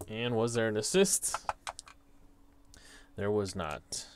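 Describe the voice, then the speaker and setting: A man's voice: on the low side, lively intonation, slow, noisy background. A young man casually talking through his tabletop soccer simulation, thinking aloud as he reads off dice results. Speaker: tabletop soccer sim host. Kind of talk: casual solo commentary.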